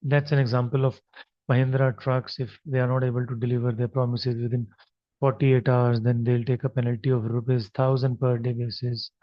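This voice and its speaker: A man's voice: mid-range voice, level tone, a little fast, no echo. A male marketing lecturer with an Indian English accent, explaining slides unscripted with frequent fillers. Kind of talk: recorded lecture over slides. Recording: dry, slightly dull recording.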